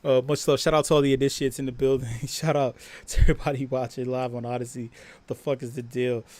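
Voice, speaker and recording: A man hosting a live stream, talking casually with lots of swearing and laughter, and acting out quoted voices louder and higher. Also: fast, dry recording. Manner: profane, laughing, animated storytelling. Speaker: host.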